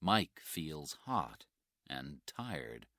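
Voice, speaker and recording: A man narrating a graded-reader story for English learners, very slowly and clearly spoken. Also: a bass voice, very animated, sharp tone, dry recording, studio quality.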